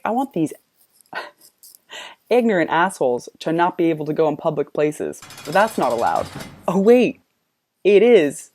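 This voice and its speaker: A woman's voice: low voice, darkish tone. A woman hosting a reaction video, ranting with plenty of swearing and exasperation. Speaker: host.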